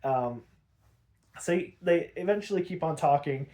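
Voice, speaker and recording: A man's voice: a little high, lively intonation, a little slow, mellow. A man hosting a podcast, recapping an episode in a rambling, profane, casual way, full of "like".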